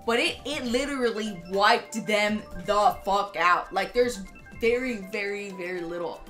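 A woman's voice: mid-range voice, a bit bright. A woman chatting casually and unhurriedly while gaming with a friend, laughing often, with game music behind. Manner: slow, laid-back, laughs often. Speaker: co-player.

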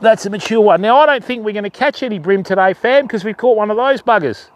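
A man's voice: sits high, fast. An Australian man hosting a casual fishing livestream outdoors by a river, chatting with viewers and greeting them by name. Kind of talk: casual live-stream chat.

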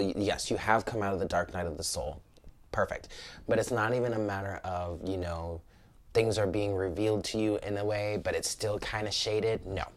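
A man with an American accent giving a casual, blunt tarot reading, cursing and exclaiming often as he talks to viewers. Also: on the low side. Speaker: tarot reader.

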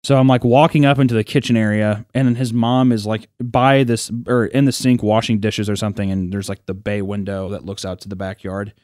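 A young man co-hosting a podcast tells a childhood story in casual, profane chat, acting out the voices of the people in it. His voice is fairly low and brisk with hardly any pauses, and the studio-quality recording has no room sound.

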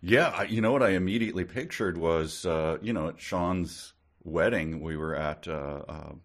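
A man with a very deep voice co-hosts a podcast, chatting casually about a book. He sounds dry and incredulous, and pokes fun at the writing. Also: moderate pace. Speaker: podcast co-host. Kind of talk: casual comedic book discussion.

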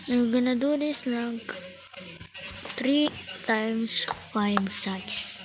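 Slow, apologetic woman. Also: fairly high pitch, over loud music. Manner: halting and apologetic, step-by-step instructions. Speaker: gaming tutorial maker. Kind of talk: slow game tutorial voice-over. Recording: loud background noise.

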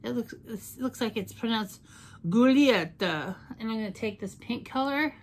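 A woman's voice: on the high side, fairly quick. A woman chatting through a makeup tutorial, playful and talkative, with jokey asides. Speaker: beauty vlogger. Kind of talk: casual makeup tutorial chat.

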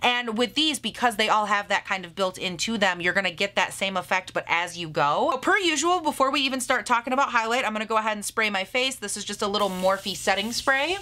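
A woman's voice: medium pitch, lively intonation, brisk, hardly any pauses, pushed and bright. A woman beauty vlogger reviewing makeup in a gushing, sassy, chatty way with frequent laughs and gasps.

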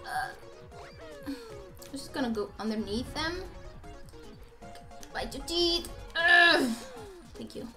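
High, lively young woman gaming. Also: slow pace, pauses often. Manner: chatty, rambling, bursts into squeals and laughs. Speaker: let's play gamer. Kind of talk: casual gameplay commentary. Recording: faint game music behind.

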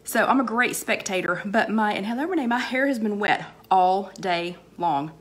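A woman hosting a live online chat, slightly hoarse with a cold, chatting casually and rambling as she greets viewers by name between sentences, with many fillers and repeated phrases. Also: mid-range voice, lively intonation, normal speed, a bit bright.

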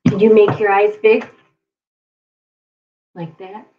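A woman librarian reading a picture book aloud to young children in an animated, playful way. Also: medium pitch, slow, muffled recording.

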